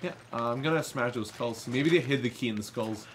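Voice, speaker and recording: A man's voice: mid-range voice, a little fast, background noise. A man playing a video game with a friend, chatting casually, joking and calling out moves. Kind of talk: casual gameplay chat.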